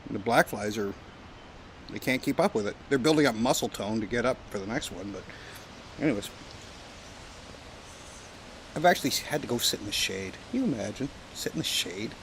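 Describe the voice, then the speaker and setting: A man's voice: mid-range voice, lively intonation, fairly quick, long pauses, fairly bright tone, rough recording. Rambling, joking man at a windy campsite. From Canada. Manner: rambling, joking, profane, chatty. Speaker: pipe-smoking vlogger. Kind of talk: casual outdoor vlog chat. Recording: outdoor recording with clear wind and background noise.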